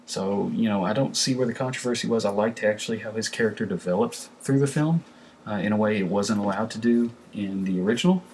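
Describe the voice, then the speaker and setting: A man's voice: on the low side, brisk, darkish tone, a little hiss or hum. A man reviewing a film in a casual, rambling way, with many fillers and restarts. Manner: conversational, lots of fillers and restarts. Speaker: movie reviewer.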